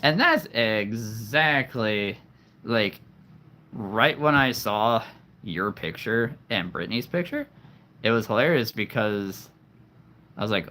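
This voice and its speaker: A man hosting a casual livestream, chatting with viewers, laughing often and jumping up in pitch when excited. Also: slow, pauses often. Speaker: livestream host. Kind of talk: casual livestream chat reading comments.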